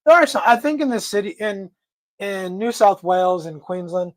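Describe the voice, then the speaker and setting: A man with an American accent hosting a casual livestream chat, joking around and reading viewer comments aloud in a quick, loose way. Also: sits high, lively intonation, dry recording. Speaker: livestream host.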